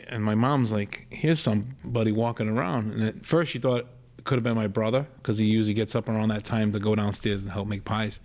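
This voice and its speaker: A middle-aged man with a Rhode Island accent, telling a long family story as a podcast co-host and stopping often to act out the people in it. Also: on the low side. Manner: rambling, animated storyteller acting out quoted voices. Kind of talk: storytelling in casual chat.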